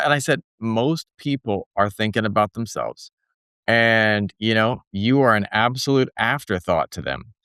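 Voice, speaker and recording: In a relaxed podcast interview, the host laughs a lot while recounting ordinary moments from daily life. He speaks at a normal speed in a mid-range voice whose tone is fairly bright and clean. There's no room sound, and the recording is clean studio quality.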